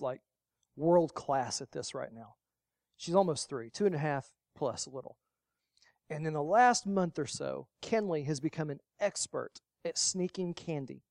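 A pastor preaching a sermon, rising to loud emphatic lines and dropping to quiet, low asides, repeating key phrases. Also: dry recording, studio quality.

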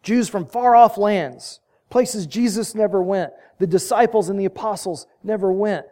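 High-voiced man preaching a sermon. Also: moderate pace, warm tone. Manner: storytelling, building to emphatic peaks.

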